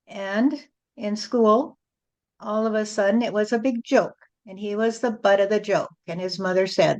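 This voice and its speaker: A woman speaking as a spiritual channel, delivering a message in a slow, repetitive, rhyming preaching cadence. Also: mid-range voice. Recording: dull lo-fi recording.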